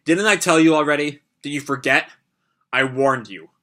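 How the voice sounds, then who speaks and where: A man voicing a furious but steady middle-aged ninja hero, reading manga lines aloud in a grim, measured way. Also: on the high side.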